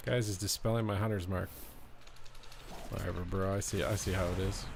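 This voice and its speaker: A man's voice: sits low, steady tone, fairly quick, creaky, slight background noise. A young man streaming a game, giving live play-by-play in an incredulous, reactive way full of slang. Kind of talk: live gameplay commentary.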